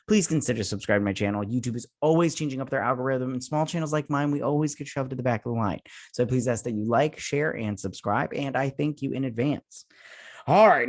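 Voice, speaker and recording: A man's voice: medium pitch, fairly bright tone, no room sound, clean studio sound. A man hosting a casual spoken review, rambling and frustrated, with lots of restarts and fillers. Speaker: YouTube review host.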